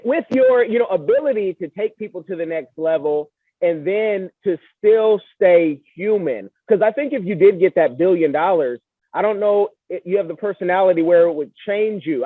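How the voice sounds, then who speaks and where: High-voiced man on a tinny line. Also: no echo. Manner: chatty, rambling, self-deprecating. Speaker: podcast host. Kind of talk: casual podcast interview. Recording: tinny phone-like dry line.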